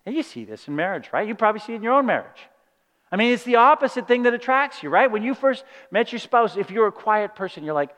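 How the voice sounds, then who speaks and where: A man preaching a sermon, lively and conversational, often asking "right?" and acting out quoted voices. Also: sits high, fast talker. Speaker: pastor. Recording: reverberant hall.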